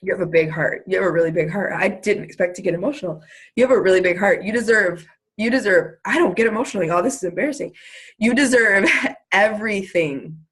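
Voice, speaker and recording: A woman's voice: fairly low pitch, fast talker, husky. A woman hosting a casual video call, effusive and gushing, full of "like" and filler words. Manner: effusive, gushing, lots of "like" and laughter. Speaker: host.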